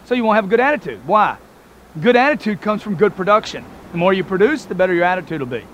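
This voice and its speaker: A man giving a motivational talk to camera, energetic, acting out everyday dialogues to make his point. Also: sits high, quick pace, slight background noise. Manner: energetic, acts out sample dialogues. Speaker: motivational speaker.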